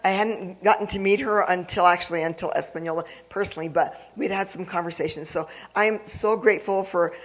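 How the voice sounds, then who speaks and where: Gala emcee, eager, halting, frequent restarts, church hall, mid pitch. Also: fairly even intonation. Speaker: event emcee. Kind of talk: introducing a speaker at a gala.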